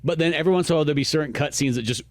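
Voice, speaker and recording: A male podcast co-host in a casual game discussion, chatty and quick. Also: on the high side, no echo, studio quality.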